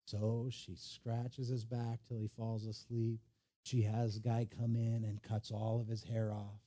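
A man preaching a sermon, retelling a story with animated storytelling and acted-out voices. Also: lowish voice, moderate pace. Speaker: pastor.

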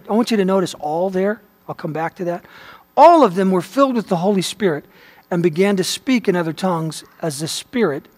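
High-voiced preacher in a reverberant hall. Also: male voice. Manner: preacherly, reads quotations aloud with emphasis. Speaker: pastor. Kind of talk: sermon teaching.

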